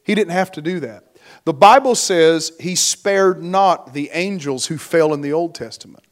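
A man preaching a sermon as pastor, slow and emphatic, his force rising and falling. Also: on the high side. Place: church.

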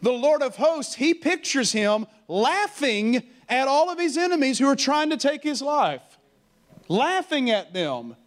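A male pastor preaching with a high, light voice. He leads the congregation in call-and-response and is animated throughout. He breaks into playful mocking stammers to drive home a point. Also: unhurried. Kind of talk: sermon.

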